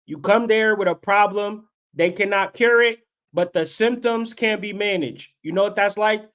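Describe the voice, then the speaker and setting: A man's voice: high voice, moderate pace, a bit bright. A man in his late thirties hosting a livestream, ranting in a profane, fired-up and preachy way. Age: late 30s. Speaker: livestream host. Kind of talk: unscripted livestream rant.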